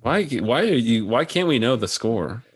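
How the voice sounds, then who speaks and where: A man's voice: medium pitch, big pitch swings, moderate pace, slightly rough. A man on a podcast chiming in with dry, laid-back remarks during a quiz game. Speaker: podcast co-host, quiz contestant. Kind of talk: casual banter.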